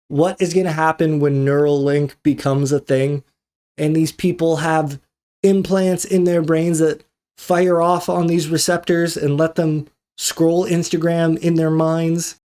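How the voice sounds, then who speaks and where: A man with a slightly high voice hosts a solo tech podcast. He tells his story in a loose, ranting way and acts out the quoted lines as he goes. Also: fairly even intonation, unhurried, a little mellow. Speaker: podcast host. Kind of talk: casual solo podcast monologue.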